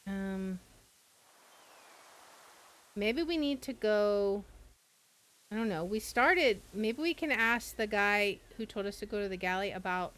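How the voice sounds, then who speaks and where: A woman's voice: medium pitch, slow pace, pauses often, a bit bright. A woman streaming a video game, thinking aloud in a casual, tentative way as she plays.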